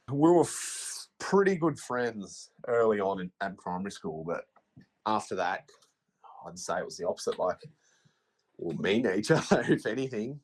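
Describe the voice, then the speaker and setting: Halting Australian man in his thirties. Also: fairly low pitch. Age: 30s. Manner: hesitant, halting, lots of fillers. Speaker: podcast guest. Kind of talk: casual storytelling.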